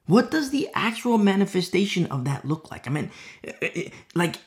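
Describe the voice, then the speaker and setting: A preacher with a gravelly edge to the voice delivers an impassioned sermon. The delivery swings between firm, raised emphasis and near-whispered asides, and key phrases come back again and again. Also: mid-range voice, very animated, normal speed. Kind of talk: expository sermon.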